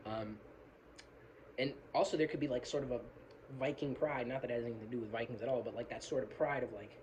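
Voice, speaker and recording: A man's voice: medium pitch, fast, darkish tone, a little hiss or hum, low-quality recording. Rambling apologetic man on a phone video. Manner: rambling, apologetic, swears casually, hums riffs and sings snatches of lyrics. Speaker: metal fan analysing song lyrics. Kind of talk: casual rambling video commentary. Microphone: phone camera.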